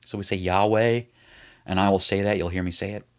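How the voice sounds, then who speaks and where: This middle-aged Bible teacher speaks in a smooth, low, steady voice, moving fairly quickly. He runs a casual online lesson in a chatty style, writing things out on the screen as he explains them.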